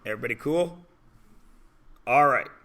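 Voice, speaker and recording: Speaking at a normal pace, a man in his forties gives a math lecture to high schoolers, trading jokes and banter with them. His voice is mid-range, expressive, and fairly bright.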